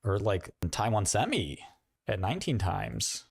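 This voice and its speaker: Middle-aged new york dude chatting on stream, really low voice, rambly and sarcastic. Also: male voice, big pitch swings, gravelly, breathy edge, no room sound, clean studio sound. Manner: rambling, quick asides, mocking questions. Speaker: livestream host. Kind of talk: casual livestream chat.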